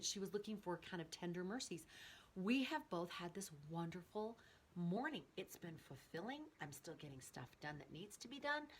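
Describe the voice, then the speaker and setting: A middle-aged woman host telling personal stories in a casual, earnest and animated way. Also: lowish voice, breathy edge. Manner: earnest, animated storytelling with rising excitement.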